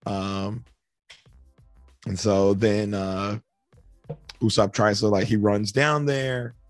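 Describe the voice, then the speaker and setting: A man co-hosting a podcast, casually retelling story scenes and acting out character lines in high voices. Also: fairly even intonation, slow pace, dry recording, faint music behind. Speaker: podcast co-host.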